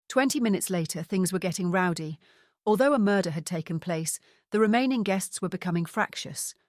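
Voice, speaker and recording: A woman reading a mystery audiobook in the first person, with a measured, wry storytelling manner. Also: fairly low pitch, dry recording, clean studio sound. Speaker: audiobook narrator.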